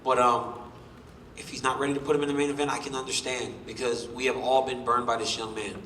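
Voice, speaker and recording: A man's voice: mid-range voice, little pitch movement, fast talker, sharp tone, a little hiss or hum. A man in his thirties answering questions at a press conference, boastful and joking as he trash-talks his rivals. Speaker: champion fighter at a press conference. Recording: roomy hall, voice from a distance.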